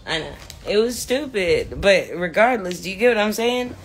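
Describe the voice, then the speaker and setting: A woman's voice: medium pitch, lively intonation, moderate pace, slight background noise. A woman on a livestream, chatting casually and telling stories in a brash, swearing way. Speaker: host.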